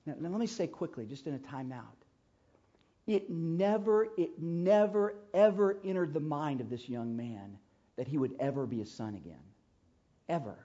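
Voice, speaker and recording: A man preaching a sermon, telling a story with emphasis and swinging from loud to hushed. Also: mid-range voice, a little fast, slightly rough, highs cut off.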